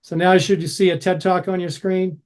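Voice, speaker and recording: A man leading an online workshop on a video call, talking in a relaxed, chatty and slightly halting way. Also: high-pitched. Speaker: workshop facilitator. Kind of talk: casual online workshop talk.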